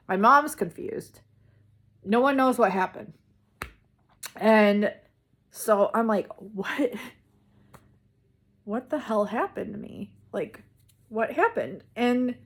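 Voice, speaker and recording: Woman, vlogger, casual storytelling, rambling, unhurried pace, mid-pitched voice. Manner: rambling, many "like"s and restarts.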